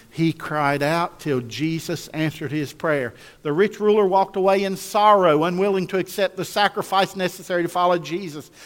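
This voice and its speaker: A man's voice: high-pitched, fairly bright tone. A man preaching a sermon in an emphatic, repetitive style, calling on the congregation to answer and read along. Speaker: pastor. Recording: long echo of a large hall.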